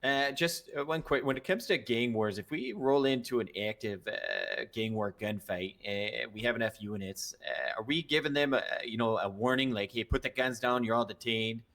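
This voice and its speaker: A man's voice: mid-range voice, lively intonation, moderate pace, vocal fry, hardly any pauses, fairly bright tone. A man playing a police officer in a role-play, asking a hesitant question full of "uh".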